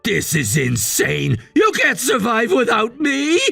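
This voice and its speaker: Man doing a bossy scornful husband, high bright voice, gravelly edge, text story. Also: wildly swooping pitch, slow pace, no room sound, soft background music, heavily acted. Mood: angry, scornful. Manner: bossy and dismissive, shouting at times. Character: controlling, scornful husband facing divorce. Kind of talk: text-message story narration.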